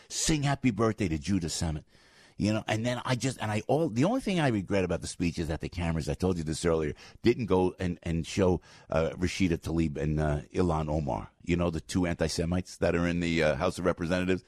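A man hosting a talk radio show, delivering an opinionated monologue with lively swings and mocking asides. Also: sits low, a little fast, no room sound, clean studio sound. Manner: animated, mocking voices, loud outbursts.

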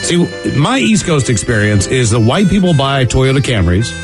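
A man's voice: mid-range voice, big pitch swings, moderate pace, music in the background. A man co-hosting a talk show, chiming in casually and explaining things in a matter-of-fact way. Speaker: radio co-host.

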